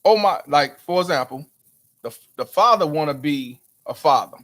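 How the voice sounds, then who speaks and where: A man's voice: on the high side, lively intonation, moderate pace, fairly bright tone. A man hosting his own show, talking straight to viewers in an emphatic, preachy way, asking them rhetorical questions. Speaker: host. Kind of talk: casual commentary to viewers.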